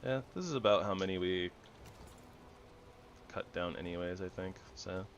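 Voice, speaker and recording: Low-voiced man rambling through a game. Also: moderate pace, lo-fi sound, slight background noise. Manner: rambling, self-correcting, relaxed. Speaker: gamer. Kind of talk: casual gameplay commentary.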